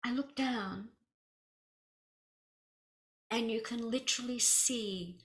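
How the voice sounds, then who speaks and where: A woman, a spiritual healer, telling a personal story in an animated way, acting out the dialogue and dropping to whispers. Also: on the high side, slow pace, reverberant, poor audio. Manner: animated, drops to whispers at intense moments; acts out quoted dialogue.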